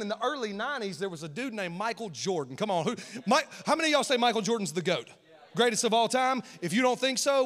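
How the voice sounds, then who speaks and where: A man in his thirties from the United States preaching a lively sermon to a church, calling out to the congregation. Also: high-pitched. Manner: energetic, call-and-response with congregation. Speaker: guest pastor. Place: church sanctuary. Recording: long church hall reverb.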